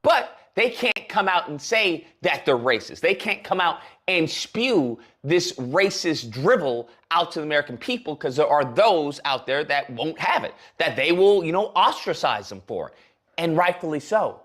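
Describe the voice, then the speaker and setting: A man's voice: a little high, fairly bright tone. A man giving heated, sarcastic commentary on a livestream, ranting at length. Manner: heated, sarcastic, speaks in long rants. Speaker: political commentator.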